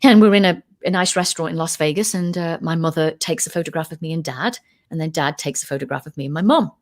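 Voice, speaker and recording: A woman's voice: sits low, fast. A middle-aged woman from the United Kingdom, telling a story in a casual interview and acting out quoted voices. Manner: animated, acts out quoted voices. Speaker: guest, UFO researcher.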